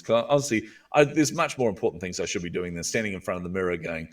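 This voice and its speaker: New Zealand male guest, earnest storyteller, lowish pitch, mic at some distance. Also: expressive, fast talker. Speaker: guest, visibility coach. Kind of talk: storytelling in a podcast interview.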